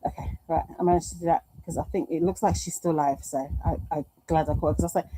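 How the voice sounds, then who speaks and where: A woman's voice: lowish voice, expressive, quick pace, dark tone, slight background noise, low-quality recording. A middle-aged woman hosting a live stream at home, chatting and reading out viewer comments in a rambling, affectionate way. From United Kingdom. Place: home room.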